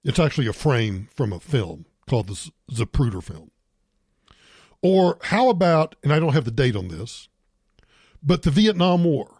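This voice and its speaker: A man's voice: medium pitch, big pitch swings, moderate pace, a little mellow, breathy edge, no echo, studio quality. An older man hosting a talk show, delivering an emphatic political monologue and repeating points for stress. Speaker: radio talk show host.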